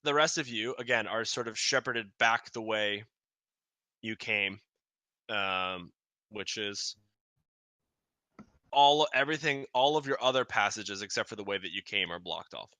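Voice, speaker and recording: A man's voice: fairly low pitch, unhurried, long pauses, sharp tone, no room sound. A man running a tabletop game as game master, narrating in a loose, rambling way. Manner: loose and rambling, lots of restarts.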